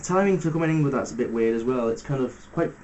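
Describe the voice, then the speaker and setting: A man giving a casual step-by-step guitar lesson, talking through fret numbers in a relaxed way with fillers. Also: medium pitch, fast talker, slight background noise, poor audio. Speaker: guitar teacher. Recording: loud guitar music under the voice. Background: electric guitar playing between phrases.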